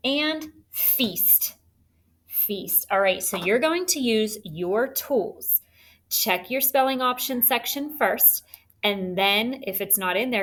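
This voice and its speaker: A woman's voice: mid-range voice, fairly bright tone. A woman teaching a phonics lesson to children, patient and encouraging as she sounds out words.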